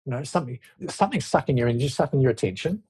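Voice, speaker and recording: Husky guy in an interview, mid pitch, talks through leadership ideas in a loose rambling way, lots of restarts. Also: lively intonation, very fast, a little mellow. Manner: reflective, loose, self-interrupting explanations. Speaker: leadership expert guest. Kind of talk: conversational interview talk.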